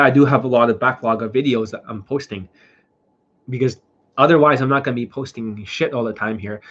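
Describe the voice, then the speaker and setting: A man's voice: mid-range voice, a bit bright, slightly rough. A man who is unwell and coughing, doing a livestream question-and-answer as a dating coach, talking bluntly with lots of profanity. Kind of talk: livestream Q&A talk. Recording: dull lo-fi sound.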